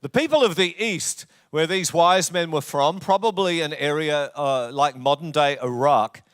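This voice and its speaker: A man's voice: fairly high pitch, normal speed, smooth, no echo, clean studio sound. A male pastor with an Australian accent preaching a sermon, telling stories with jokey asides. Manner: jokey, storytelling, warm asides. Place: church.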